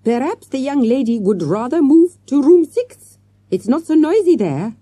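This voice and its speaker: A woman's voice: sits high, big pitch swings, normal speed, mellow, husky, no echo, voice pushed up, heavily acted. A woman voicing a flustered middle-aged hotel manager, fussing and sighing. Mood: fretful. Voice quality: fussy, sighing.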